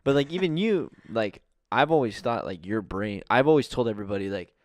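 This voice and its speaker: A man's voice: mid-range voice, brisk, no echo, studio quality. A young man co-hosting a casual podcast, telling stories with lots of energy and laughing often. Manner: animated storyteller, laughs often. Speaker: podcast co-host. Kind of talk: casual chat.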